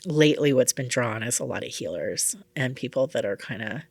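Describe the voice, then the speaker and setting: A woman's voice: a bass voice, a little fast, creaky, no room sound. A middle-aged woman from Hawaii, a psychic and spiritual teacher, telling stories in a casual interview and acting out quoted voices. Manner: animated storyteller, acts out quoted voices, laughs often.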